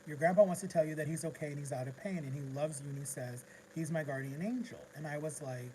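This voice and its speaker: A man's voice: fairly high pitch, quick pace, hardly any pauses, darkish tone, a little hiss or hum, poor audio. A man vlogging in a casual livestream, rambling through an emotional story with lots of restarts.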